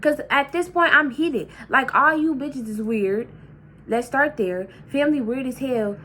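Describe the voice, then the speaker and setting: A woman vlogger telling a heated, profane storytime in a casual, animated way. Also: high voice, measured pace, slight background noise.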